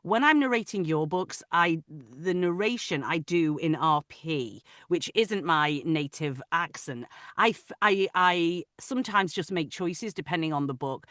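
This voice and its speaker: A woman with a Manchester accent, an audiobook narrator chatting in an interview over a video call; she laughs often and lets her sentences trail off softly. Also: lowish voice, a little slow, few pauses, no echo, studio quality. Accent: Manchester English. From Manchester, England. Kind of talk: casual interview chat.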